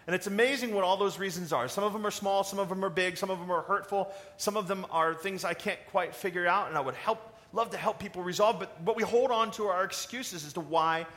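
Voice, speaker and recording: A man preaching a sermon in a conversational, animated way, asking the congregation questions. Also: high-pitched, brisk, hardly any pauses. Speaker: pastor.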